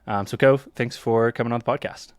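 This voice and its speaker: A man's voice: mid-range voice, a little fast, clean tone, dry recording, clean studio sound. A man from Eastern Kentucky hosting a podcast, talking casually with lots of ums. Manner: relaxed, many ums and restarts. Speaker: podcast host.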